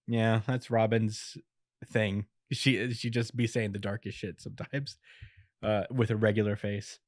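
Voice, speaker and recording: A young podcast co-host recaps a manga chapter in a laid-back, casual manner, chuckling often and acting out quotes in quick bits. His lowish voice shows little pitch movement. The podcast-microphone recording is dry and studio quality.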